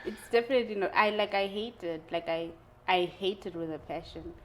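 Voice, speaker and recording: A young woman talking candidly in a casual conversation, telling her stories in an animated way and laughing often. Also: medium pitch, fairly quick, a little hiss or hum, poor audio. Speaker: guest.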